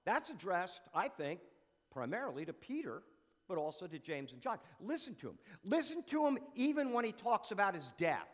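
A man preaching a conversational sermon, animated, asking rhetorical questions and repeating phrases for emphasis. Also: high-pitched, moderate pace, in a large hall.

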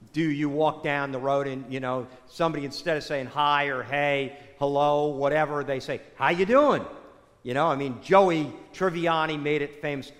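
A man's voice: a little high, fairly bright tone. A man preaching a sermon in a conversational way, sprinkling his talk with "you know" asides. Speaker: pastor. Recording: echoey hall.

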